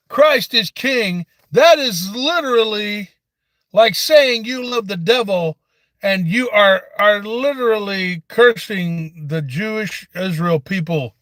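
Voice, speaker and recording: A man's voice: high voice, no echo. A man voicing a preachy, forgetful old grandfather who rants, stammers and drifts into rambling asides in a satirical comedy monologue.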